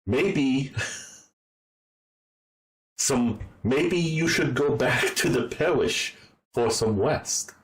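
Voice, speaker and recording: A man's voice: medium pitch, lively intonation, very slow, long pauses, voice pushed up, rough recording. A man voicing an earnest village priest who speaks in rhyme. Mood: gentle. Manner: rhyming, solemn warnings.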